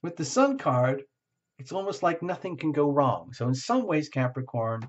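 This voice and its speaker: A man's voice: on the high side, very animated, normal speed. A man doing a tarot reading, talking frankly and searching aloud for the right words. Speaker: tarot reader. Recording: slightly muffled lo-fi recording.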